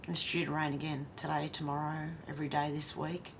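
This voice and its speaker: A woman's voice: low voice, level tone, fast, vocal fry, background noise. An Australian woman hosting a casual live stream, reading viewer comments aloud, chatty and blunt, laughing often and swearing.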